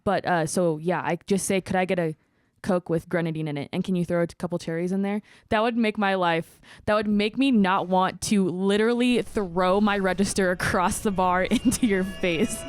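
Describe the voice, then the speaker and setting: A woman's voice: on the low side, moderate pace, smooth, no room sound. A woman and bartender chatting on a podcast, telling bar stories and acting out customers with laughs. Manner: animated storyteller, acts out customers with laughs. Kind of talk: casual chat.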